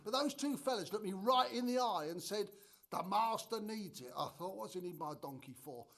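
A man's voice: high-pitched, expressive, moderate pace, fairly bright tone, full character voice. An actor in a church drama sketch playing a chatty, proud middle-aged trader and father, who tells the story with wry asides.

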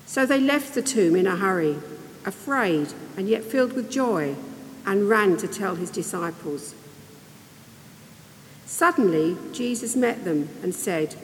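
A woman reading a scripture passage aloud in a measured way during a service. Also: medium pitch, lively intonation, long reverb tail, a little hiss or hum, low-quality recording. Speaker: scripture reader.

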